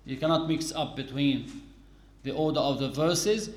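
A man's voice: fairly high pitch, unhurried, echoey room. A man giving a patient religious lesson on reciting prayers, explaining carefully and quoting Arabic phrases. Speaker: religious teacher.

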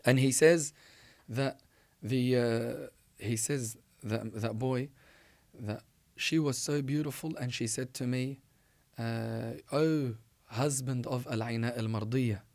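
A man preaching, telling a religious story in an animated, emphatic way and often restarting his sentences. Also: mid-range voice, slow pace, vocal fry, pauses often.

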